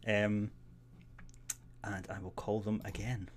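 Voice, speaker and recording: A man's voice: lowish voice, little pitch movement, slow, a little hiss or hum. A man hosting a casual live-streamed podcast, laid-back, laughing often and swearing casually. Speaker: podcast host.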